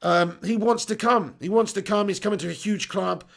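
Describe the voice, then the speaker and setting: A man hosting a live stream, chatting excitedly, laughing and bantering with mild swearing as he reads out viewer messages. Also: sits high, brisk, creaky.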